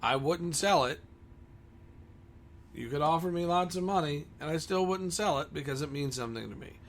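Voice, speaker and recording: A man's voice: a little high, normal speed, a little hiss or hum. A man who owns a comic store, talking bluntly and combatively in a ranting monologue.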